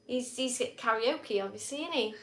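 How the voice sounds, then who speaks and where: A woman's voice: fairly high pitch, heavy background noise. An English woman co-hosting a live stream, bantering playfully and teasing over drinks. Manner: playful, teasing, quick to argue. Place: home bar setup for a live stream. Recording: echoey room.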